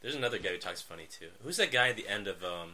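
A man's voice: on the low side, animated, racing, bright, forceful tone. A man co-hosting a podcast in casual chat, laid-back, with short replies and frequent laughs. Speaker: podcast co-host. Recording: faint hiss, poor audio.

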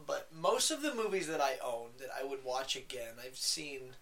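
A man's voice: medium pitch, very animated, moderate pace, bright, forceful tone. A man co-hosting a podcast in casual chat, rambling and profane with many fillers and restarts. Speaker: podcast co-host. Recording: faint background noise, poor audio.

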